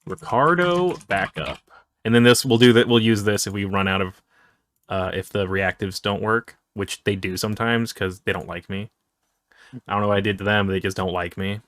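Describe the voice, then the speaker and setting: Low-voiced man running a game, muttering. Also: normal speed, dry recording. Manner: mutters to himself while clicking through software. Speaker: game master. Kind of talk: casual chat while setting up a tabletop game.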